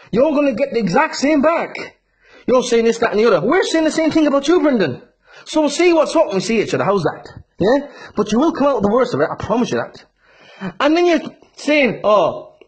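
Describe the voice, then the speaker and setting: A man's voice: high voice, slightly rough. A man delivering a taunting, swearing call-out rant at a rival fighter, tagging his lines with "right?" and "yeah?". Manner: insulting, swearing, constant "right?" and "yeah?" tags. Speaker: bare-knuckle fighter issuing a challenge.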